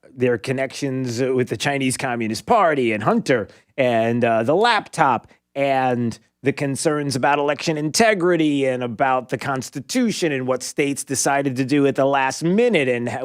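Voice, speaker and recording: A man's voice: dry recording, studio quality. A man hosting a talk radio show, taking callers with sarcastic, mock-exasperated remarks. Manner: sarcastic, mock-exasperated, jumps up in pitch for emphasis.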